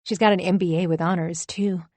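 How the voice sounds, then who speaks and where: A woman's voice: lowish voice, steady tone, fairly quick, darkish tone, no room sound, natural voice. A woman doing an offhand young daughter. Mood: grudging. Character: offhand 21-year-old daughter, grudging and quiet.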